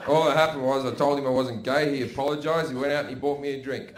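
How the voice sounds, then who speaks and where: On stage before a laughing crowd, an Australian comedian works through a crude routine full of swearing and asides, speaking fast in a steady, mid-range voice. Background noise and the roomy sound of the live venue are audible.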